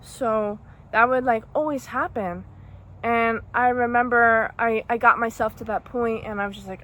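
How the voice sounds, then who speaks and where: A young woman telling a personal story as a vlogger, halting and emotional with many restarts. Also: fairly high pitch, fairly even intonation, sharp tone, a little hiss or hum. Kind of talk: storytime monologue.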